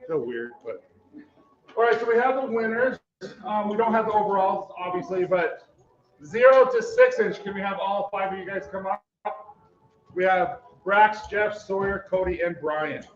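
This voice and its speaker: A man's voice: high-pitched, normal speed. A man announcing contest winners at a live event, in an upbeat, teasing way. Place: busy barbershop event. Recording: roomy, distant, muffled phone audio with crowd chatter.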